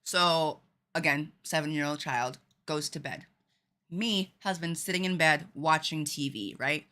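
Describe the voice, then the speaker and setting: A woman streaming a game at home and telling a lively story to her chat, laughing often. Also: low-pitched, unhurried. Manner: animated, laughing, chatty with fillers.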